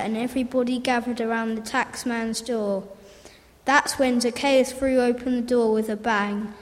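A woman reading a children's story aloud in a lively, repeating storybook manner. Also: a little high, moderate pace. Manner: lively, repetitive storybook phrasing. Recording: roomy hall reverb.

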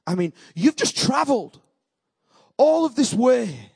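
A male preacher delivering an impassioned sermon, repeating phrases and asking the congregation questions, with a husky voice. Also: extremely high pitch, sing-song, measured pace, darkish tone, no echo.

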